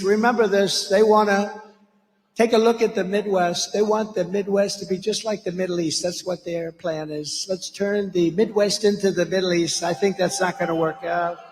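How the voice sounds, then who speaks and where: A man's voice: high voice, fairly bright tone, slight background noise. A man speaking as a political candidate at a campaign rally, blunt and rambling, full of asides and name-calling. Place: large rally venue. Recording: echoey rally hall reverb.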